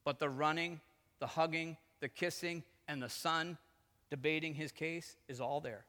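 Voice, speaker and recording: Bright-voiced male pastor preaching. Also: a little high, measured pace, in a large hall. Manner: animated storytelling, acts out quotes, swings from loud to hushed. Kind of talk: sermon. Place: church sanctuary.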